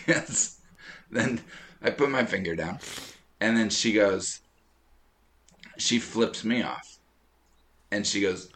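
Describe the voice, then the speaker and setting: A man co-hosting a podcast in casual chat, telling animated stories and laughing often. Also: lowish voice, slow pace, long pauses. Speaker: podcast co-host.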